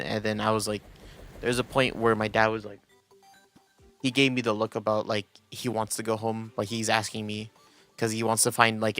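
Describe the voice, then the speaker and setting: A man's voice: on the low side, fairly bright tone. A young man streaming and chatting casually, rambling with lots of restarts and quoted asides. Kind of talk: casual chat.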